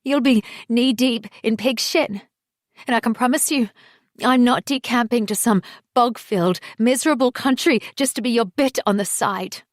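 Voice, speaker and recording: A woman's voice: moderate pace, dry recording, clean studio sound, natural voice. Maya, a furious heartbroken woman, read by a woman narrator. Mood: angry. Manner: emotional, raised and higher than the narration.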